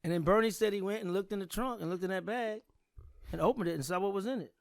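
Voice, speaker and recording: A middle-aged man, a comedian guest, telling stories in a casual, animated way full of restarts and slang. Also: high voice, fast, dry recording, studio quality. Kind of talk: casual storytelling.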